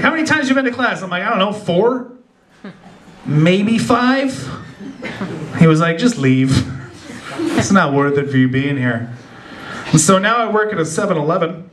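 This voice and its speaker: Young guy doing standup, highish voice, roomy club sound, crowd laughing. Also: background noise. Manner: laid-back storytelling, puts on quick character voices. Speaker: stand-up comedian. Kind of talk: stand-up set. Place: small club with a live audience.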